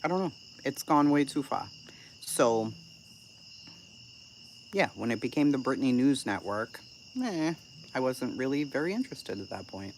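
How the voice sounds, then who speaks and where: A host riffs through a casual live-stream, answering chat in a blunt, profane and sarcastic way. The pitch swings widely from line to line. Faint crickets chirp quietly behind the voice. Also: lively intonation, a little slow, long pauses, a little hiss or hum.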